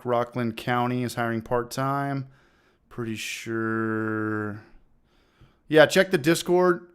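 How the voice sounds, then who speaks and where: A man hosting a casual homebrewing livestream with a loose, profane manner, repeating phrases, giving shout-outs and now and then fighting off a smoker's cough. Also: mid-range voice, clear, resonant tone. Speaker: livestream host of a homebrewing channel. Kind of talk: casual livestream chat, reading out viewer comments.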